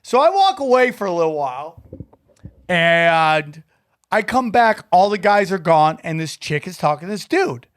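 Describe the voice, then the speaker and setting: A man's voice: sits high, very animated, normal speed, fairly bright tone. A man co-hosting a casual podcast, telling a rambling story and acting out the voices of the people in it. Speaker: podcast co-host.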